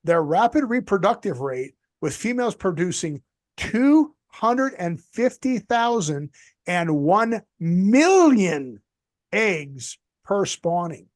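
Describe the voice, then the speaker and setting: Rambling, deadpan man on a video call. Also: high-pitched, takes it slowly, dry recording, studio quality. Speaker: podcast co-host. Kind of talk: casual chat on a video call.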